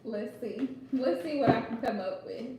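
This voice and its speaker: A woman's voice: fairly high pitch, normal speed, far from the mic. A woman hosting a casual live stream as a tarot reader, chatty and rambling, with frequent laughs and fillers. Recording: very echoey room, voice away from the mic, faint noise.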